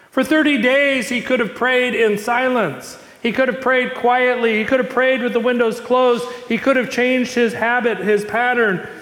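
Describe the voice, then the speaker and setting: A man with a high voice preaches a sermon, retelling the story with lively emphasis and repeated phrases. His voice rings through a reverberant hall, with a long echo trailing his words. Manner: animated storytelling with emphatic repetition.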